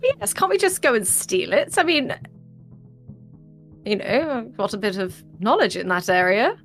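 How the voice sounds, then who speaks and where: A woman's voice: mid-range voice, sing-song, moderate pace, fairly bright tone, faint music behind. A woman playing her character in a tabletop game, chatty and theatrical. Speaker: player. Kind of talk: in-character tabletop role-play.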